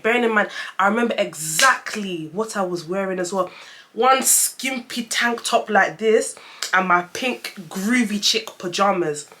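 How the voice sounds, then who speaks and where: A young woman tells a story-time vlog, chatty and animated, often calling her viewers "guys". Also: mid-range voice. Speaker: vlogger.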